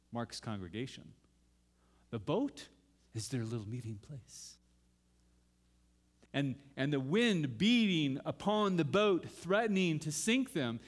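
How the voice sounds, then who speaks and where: Middle-aged male preacher, high voice, theatrical scripture reading. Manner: dramatic, reads scripture aloud and acts out pleas to God. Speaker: pastor. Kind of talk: sermon.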